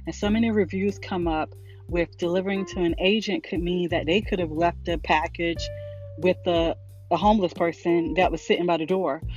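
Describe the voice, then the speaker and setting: A woman's voice: lowish voice, a little mellow. A middle-aged woman hosting a podcast, talking in a casual, rambling monologue that is emotional and often broken by laughter. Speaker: podcast host. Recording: dull lo-fi recording, faint music.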